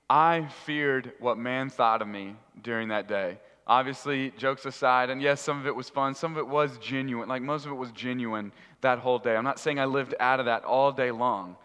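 A man giving a sermon, telling a funny story in an animated, humorous way. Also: mid-range voice, smooth. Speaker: youth pastor. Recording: reverberant hall.

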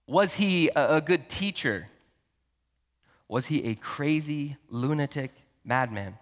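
A man's voice: on the high side, expressive, takes it slowly. A young adult man and pastor preaching a sermon in a conversational, emphatic way, firing off rhetorical questions in a church hall. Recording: long hall reverb.

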